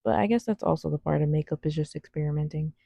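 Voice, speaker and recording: Gravelly low-voiced woman vlogger, casual. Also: fast, mellow, no echo. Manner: rambling, slangy, self-deprecating. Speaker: cosplay vlogger. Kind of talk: casual voice-over over makeup footage.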